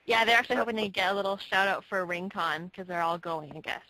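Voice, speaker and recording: Soft-spoken woman interview host. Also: mid-range voice, quick pace, no room sound, poor audio. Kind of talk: casual interview.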